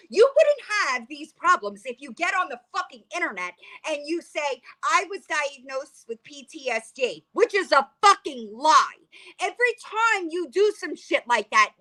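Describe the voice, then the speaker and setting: A woman with a high, sharp voice rants angrily in a reaction vlog as a commentary vlogger. Heated and profane, she confronts someone directly.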